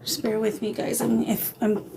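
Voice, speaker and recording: A woman's voice: fairly high pitch, completely flat delivery, moderate pace, gravelly, noisy background. A woman hosting a paranormal livestream in casual chat, greeting viewers with affectionate pet names over a phone camera. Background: shamanic drumming.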